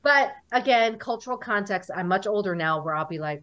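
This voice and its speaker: Speaking fairly quickly in a mid-range voice, a US woman in her 40s is interviewed casually as a guest. She animatedly tells stories and acts out the things people said to her.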